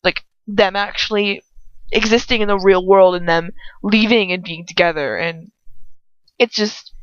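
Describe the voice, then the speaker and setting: A woman's voice: mid-range voice, measured pace, smooth, no room sound. Rambling, blunt young woman commenting. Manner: rambling, blunt, swearing, lots of fillers. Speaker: fanfiction reader. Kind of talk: casual commentary. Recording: dull lo-fi home recording.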